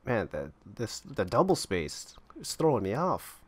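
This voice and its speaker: A man's voice: lowish voice, huge pitch swings, unhurried, breathy edge, dry recording. A man giving casual gameplay commentary, thinking aloud and rambling as he explores an online game. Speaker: gamer playing online roleplaying servers.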